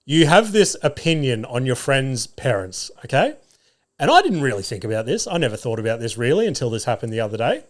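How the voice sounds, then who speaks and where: A man's voice: mid-range voice, fairly quick. Sweary man telling podcast stories. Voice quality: sweary, animated storyteller. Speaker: podcast host. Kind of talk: solo podcast storytelling.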